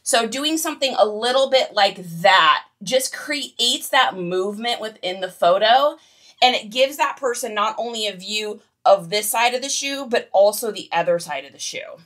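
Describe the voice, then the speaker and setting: A woman's voice: mid-range voice, lively intonation, normal speed, fairly bright tone, far from the mic. A woman leading a casual livestream tutorial, chatty and giggly, and talking straight to her viewers. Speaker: online reseller teaching on a livestream.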